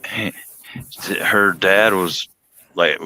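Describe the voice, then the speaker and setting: A man's voice: deep voice, extremely slow, pushed and bright, dry recording. A man from Georgia with a Southern accent, chatting casually and laughing through his stories. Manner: laughs while telling stories, drawling slang. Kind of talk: casual chat.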